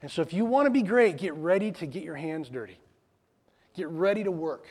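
Lively, high-voiced preacher man. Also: a little fast, husky. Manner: animated, plain-spoken, drops into casual asides and acted quotes. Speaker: pastor. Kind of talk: conversational sermon.

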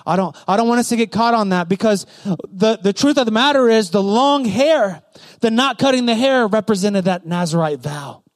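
A man's voice: sits high, normal speed. A young man preaching a sermon to youth, emphatic and repetitive, checking in with the crowd with "right?".

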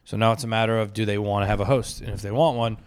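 A man's voice: on the low side, level tone, racing, clean tone. A young man in his twenties, a comedian co-hosting a podcast, teasing his partner bluntly in crude casual banter.

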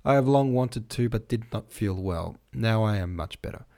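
A man's voice: fairly low pitch, expressive, moderate pace, vocal fry, a little mellow. A man reading the lines of a gaunt, ailing man putting on a cheerful front, in a plain storybook voice. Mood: weary. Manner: plain reading voice, little change.

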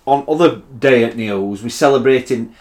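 A man in casual chat, rambling and halting, full of "like". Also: mid-range voice, darkish tone.

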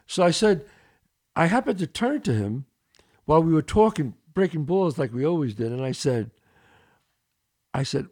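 An older man with a Brooklyn accent, hosting a podcast. His voice is gravelly with lots of fry, and his pitch swings widely as he tells a story in an animated way, acting out the dialogue with a few curses. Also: moderate pace, long pauses. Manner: animated, swearing, acts out dialogue. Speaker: podcast host. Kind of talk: storytelling in casual interview.

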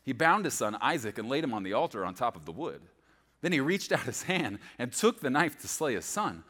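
A man preaching as a pastor, with animated storytelling and playful asides. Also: mid-range voice. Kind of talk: sermon.

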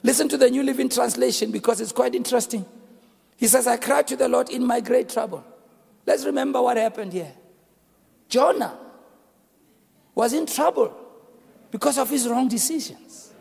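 A man preaching a sermon, shouting and half-singing his lines and calling out to the congregation. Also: very high-pitched, normal speed, vocal fry, pauses often, slightly rough. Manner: shouting, sing-song preaching with call and response. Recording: echoey hall with music behind.

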